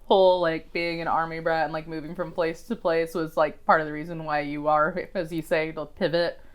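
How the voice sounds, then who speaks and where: A woman hosting a podcast, asking quick, halting questions full of fillers. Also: sits low, little pitch movement. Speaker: podcast host. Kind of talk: casual interview chat.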